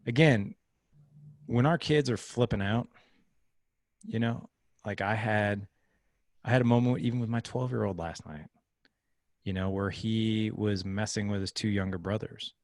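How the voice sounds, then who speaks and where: Guy in his 30s, lowish voice, earnest storyteller, dry close mic. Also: no echo. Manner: earnest storytelling, acts out his son's pleading lines. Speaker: guest, parenting podcaster. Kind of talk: casual interview talk.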